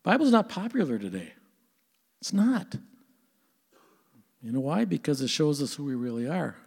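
A man's voice: on the high side, big pitch swings, normal speed, creaky, darkish tone, breathy edge, long reverb tail. An older man preaching a sermon as pastor, earnest and conversational, asking his listeners questions.

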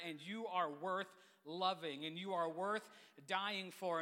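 A man preaching a sermon as a youth pastor in a church, with a quick, playful, energetic delivery. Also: high-pitched. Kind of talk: lively sermon. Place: church sanctuary. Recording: long church reverb.

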